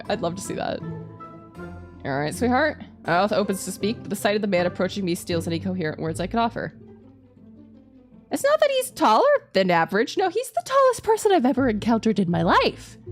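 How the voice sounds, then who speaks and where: A woman streamer reading a visual novel aloud and reacting with giggly, expressive commentary. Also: sits high.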